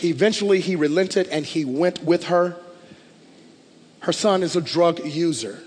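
A man preaching a sermon as a pastor, impassioned and building to loud declarations. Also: a little high, measured pace. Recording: long hall reverb.

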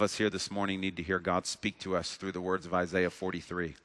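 A man's voice: sits low, little pitch movement, brisk, hardly any pauses, a bit bright. A male pastor delivering a sermon in a church sanctuary, earnest, with a repetitive preaching cadence. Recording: long reverb of a large hall.

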